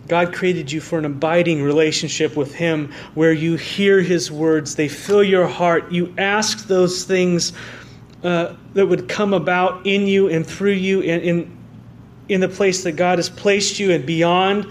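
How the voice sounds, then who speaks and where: A pastor with an American accent preaches a sermon in a church sanctuary, earnest and full of rhetorical questions and restarts. His voice is high, with fairly even intonation and an unhurried pace, over slight background noise.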